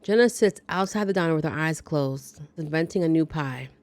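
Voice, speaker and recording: A woman's voice: deep voice, moderate pace, a little mellow. A woman hosting a casual movie recap, chatty, with playful asides and reactions to the story. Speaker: movie review host.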